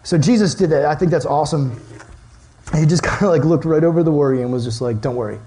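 Young male youth pastor, high voice, chatty and animated sermon delivery with filler words. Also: fast talker. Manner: animated storytelling, many "like" fillers.

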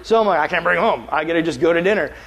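Animated high-voiced male preacher. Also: racing. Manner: animated storyteller acting out quotes, laughing often. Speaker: pastor. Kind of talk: sermon with storytelling and scripture reading.

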